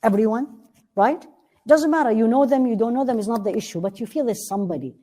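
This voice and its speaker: A woman's voice: a little high, mellow. Earnest woman teaching a religious class. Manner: earnest, asks the class questions and answers them; recites Arabic verses quickly.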